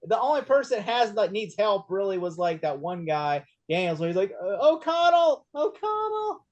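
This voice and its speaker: Excitable rambling man, slightly high voice. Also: normal speed, muffled recording. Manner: rambling, filler-heavy, excitable, laughs while retelling scenes. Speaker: podcast co-host. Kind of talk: casual movie discussion.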